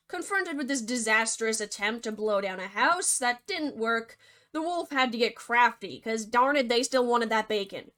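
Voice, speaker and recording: A young woman narrates a fairy tale for laughs, casual and sarcastic, with constant dry asides. Her voice is somewhat high, bright and forceful. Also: moderate pace. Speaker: video creator and narrator. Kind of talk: comedic storytelling narration.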